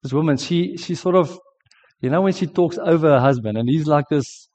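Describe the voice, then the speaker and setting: A man's voice: on the high side, a little fast, darkish tone. A man with a South African accent preaching a sermon in a chatty, storytelling way, with many restarts. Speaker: pastor. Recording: dull lo-fi sermon recording.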